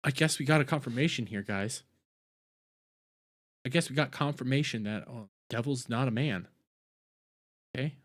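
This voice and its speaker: A man's voice: medium pitch, normal speed, pauses often, fairly bright tone. A man live-streaming commentary on clips, swearing and exasperated, often laughing in disbelief. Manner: profane, exasperated, breaks into incredulous laughter.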